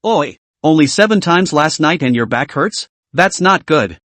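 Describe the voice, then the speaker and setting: A cocky young man who is easily flustered, read by the story's male narrator, in a voice a little above the usual for a man. The read swings up and down in a lively way. The sound is dry and close. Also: fairly high pitch, unhurried, dry recording.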